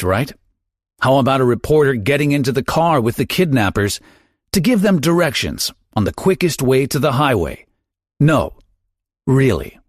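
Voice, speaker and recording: A man's voice: mid-range voice, no room sound, studio quality. A man hosting a true-crime podcast, narrating a scripted story in a dramatic, wry manner. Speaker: podcast host.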